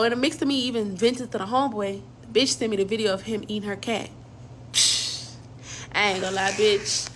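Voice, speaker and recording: A woman's voice: medium pitch, fairly bright tone, a little hiss or hum. A young woman casually telling a personal story in slang, acting out quoted dialogue as she goes. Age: young adult.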